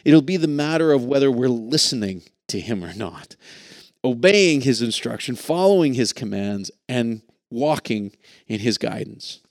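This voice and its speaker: A man's voice: mid-range voice, animated, a little slow, darkish tone, no echo, clean studio sound. A man preaching a sermon in an earnest, reflective way, reading scripture and stumbling over a few words. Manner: earnest, reflective, with occasional restarts. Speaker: pastor.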